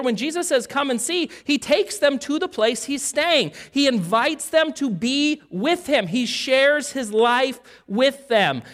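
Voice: sits high, fairly bright tone. A pastor preaching a sermon and reading scripture aloud, talking conversationally and asking the listeners questions.

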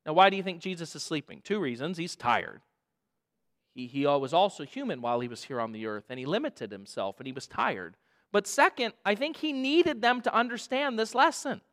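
A man preaching a sermon as a pastor, dramatic and emphatic, dropping to a hush and rising again, repeating phrases for emphasis. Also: sits high, lively intonation, a little fast. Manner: dramatic, swings from hushed to loud emphasis.

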